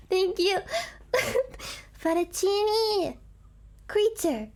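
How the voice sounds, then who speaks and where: Woman streamer, squeaky-high voice, unhurried, giggly and rambling, hiccuping. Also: expressive. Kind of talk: casual live stream chat.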